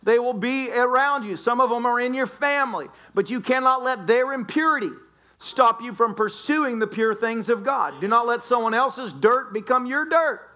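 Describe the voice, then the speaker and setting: A man's voice: very high voice, expressive, normal speed, sharp tone. A man preaching a sermon as a pastor, joking and playfully telling stories to the congregation. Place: church sanctuary.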